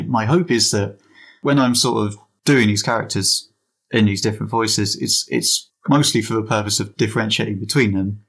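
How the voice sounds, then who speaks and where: A man's voice: fairly low pitch, creaky, fairly bright tone. A British man talking casually as an interview guest, thoughtful and hesitant with frequent restarts. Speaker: comedy podcaster, guest.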